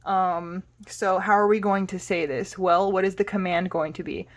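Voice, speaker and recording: A woman gives a language lesson in a patient, explaining manner. Her voice sits in a middle pitch. She often stops to spell words out letter by letter. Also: fairly even intonation, moderate pace. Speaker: Spanish teacher.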